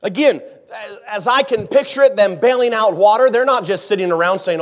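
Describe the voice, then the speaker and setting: A man preaching a sermon, who jokes with the congregation and acts out scenes, swinging from hushed asides to shouting. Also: high voice, brisk. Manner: dramatic, acts out the disciples' panic, swings from quiet to shouting. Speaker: pastor.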